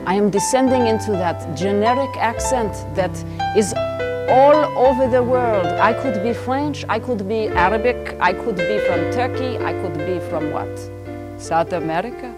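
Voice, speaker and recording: A woman's voice: medium pitch, animated, normal speed. Woman, improv comedy host, rambling, playful, TV studio, music behind. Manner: rambling, playful, free-associating. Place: public-access TV studio.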